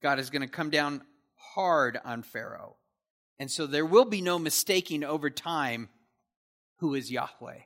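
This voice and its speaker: A man's voice: on the high side, a little slow, a bit bright. A man teaching through a Bible passage verse by verse, with casual asides that check in with his listeners.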